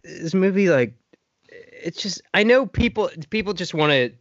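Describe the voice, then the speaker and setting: A man hosting a podcast in casual chat, animated and swearing as he gets worked up. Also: high-pitched, a little slow, no room sound. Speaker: podcast host. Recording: dry, dull lo-fi sound.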